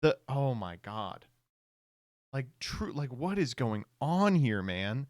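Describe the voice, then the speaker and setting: A man's voice: medium pitch, sing-song, takes it slowly, dry recording, clean studio sound. A man streaming casual commentary, reacting to online posts with sarcastic remarks, frequent laughter and text read aloud.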